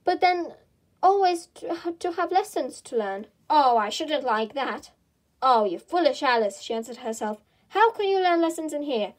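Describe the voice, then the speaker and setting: A woman's voice: high voice, lively intonation, moderate pace. A woman reading the lines of Alice, a curious, fretful little girl who talks to herself. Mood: musing.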